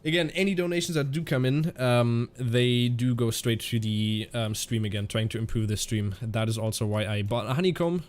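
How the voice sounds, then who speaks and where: A man streaming a flight simulator, chatting casually in a halting way and answering viewers' questions as he flies. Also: mid-range voice, darkish tone. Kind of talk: casual live-stream commentary.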